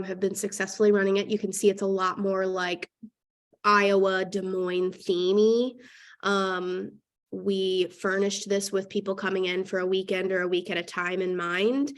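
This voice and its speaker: A woman with a nasal voice, talking fast with many fillers in a casual webinar. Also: mid-range voice. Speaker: guest real estate investor.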